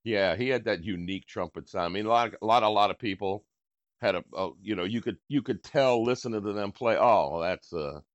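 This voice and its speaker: A man's voice: fairly low pitch, brisk, no echo, dull audio. An older man, hosting a podcast in a rambling, laid-back drawl. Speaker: podcast host. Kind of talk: casual chat and read ads.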